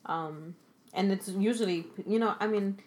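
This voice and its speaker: A young woman speaking as a podcast guest, talking casually with many fillers and pauses. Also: medium pitch, darkish tone. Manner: hesitant, many fillers, laughs easily. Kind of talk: casual conversation.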